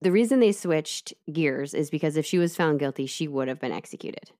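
A woman casually retelling a true-crime case to her co-host, chatty and lively, with asides. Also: sits low, brisk. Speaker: podcast co-host telling the case.

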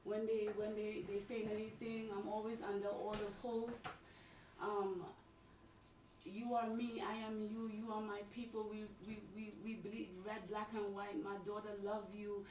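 Halting mother, far off. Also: medium pitch, little pitch movement, darkish tone. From Trinidad. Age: middle-aged. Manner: halting, repeats words, tearful. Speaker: streamer's mother. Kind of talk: emotional casual talk. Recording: roomy, distant mic, noisy.

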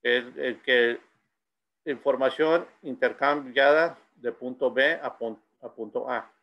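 Speaking unhurriedly in a steady, mid-range voice, a middle-aged man delivers a school presentation in Spanish and English, full of anecdotes. The recording sounds muffled.

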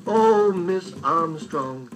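A man's voice: high-pitched, expressive, very slow, music in the background, exaggerated voice. A man voicing an earnest young boy in a children's story, pleading and breathless. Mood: eager.

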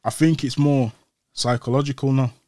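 A man's voice: mid-range voice, normal speed, no echo, studio quality. A young man, an interview guest telling his story casually, acting out the voices of the people in it. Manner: animated, acts out quoted voices.

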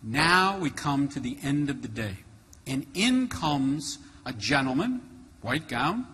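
Animated male keynote speaker in a hall. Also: mid-range voice, slow, husky. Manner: animated, acts out dialogue with many voices. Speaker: motivational speaker. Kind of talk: keynote storytelling. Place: large conference hall. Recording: reverberant hall with faint ambience.

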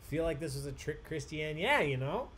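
A man's voice: a little high, expressive, moderate pace, fairly bright tone, a little hiss or hum. A man hosting a live online trivia game, chatty and upbeat, reading each question twice with emphasis. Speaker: trivia host.

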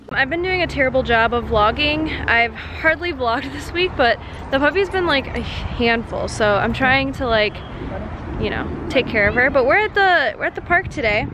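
A woman's voice: high-pitched, expressive, moderate pace, background noise. A young woman vlogging casually about her new puppy, chatting to viewers and cooing to the dog.

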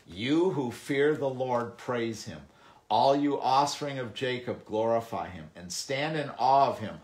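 A male pastor preaching a sermon. He reads scripture slowly and deliberately, repeats words as he thinks, and swings between loud, emphatic bursts and quieter stretches. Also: medium pitch.

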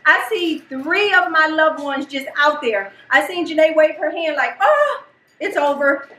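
A middle-aged woman and mother, hosting a home vlog, telling a story in an animated, excitable way. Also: high voice, moderate pace, echoey room, far from the mic, background noise. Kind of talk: casual storytelling. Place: home kitchen.

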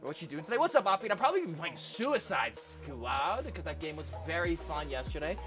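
A man's voice: a little high, big pitch swings, fast talker, music in the background. A young man chatting casually on a live stream, upbeat and chatty, swearing freely. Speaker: livestreamer.

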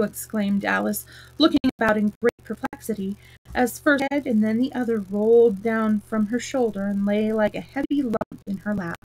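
A woman's voice: medium pitch, moderate pace, poor audio. A woman storyteller reading a children's book aloud, with small slips and restarts.

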